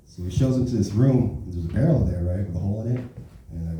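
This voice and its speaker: Male stand-up, profane storyteller, low dark voice, club sound, roomy, mic a bit distant. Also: racing, a little hiss or hum. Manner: profane, rambling storytelling, tag questions. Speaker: stand-up comedian. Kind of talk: stand-up comedy set. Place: open mic comedy club. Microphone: handheld stage mic.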